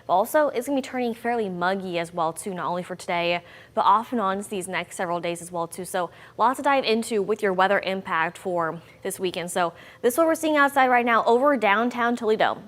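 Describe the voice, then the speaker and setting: A woman's voice: mid-range voice, fairly quick, fairly bright tone, in a large hall. A young woman meteorologist giving a chatty, upbeat weather forecast with bouncy emphasis.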